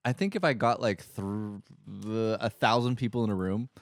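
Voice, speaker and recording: A man co-hosting a podcast in casual chat, halting and trailing off as he gropes for words. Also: on the low side, no room sound. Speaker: podcast co-host.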